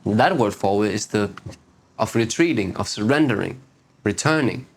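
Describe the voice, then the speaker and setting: A man hosting a spiritual video series, giving an unhurried reflective talk that repeats phrases and asks rhetorical questions. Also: fairly low pitch, expressive, a little hiss or hum.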